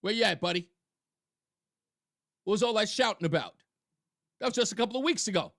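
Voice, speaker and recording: A man's voice: high-pitched, animated, brisk, creaky, a bit bright, no room sound. A male talk radio host giving sarcastic, mocking political commentary on a studio mic.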